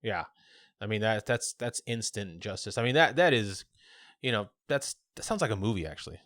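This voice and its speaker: A man with a fairly low voice relaxes into a podcast retelling of a spooky legend. He wanders through it with fillers and restarts, and the recording is dry and close to the mic. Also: animated, normal speed, fairly bright tone, dry recording. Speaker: podcast co-host. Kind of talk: casual podcast chat, telling a legend.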